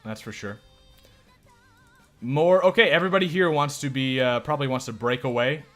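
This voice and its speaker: A man's voice: medium pitch, moderate pace, a bit bright, soft background music. A man streaming live gameplay, commenting casually in a joking, profane, self-mocking way. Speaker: game streamer.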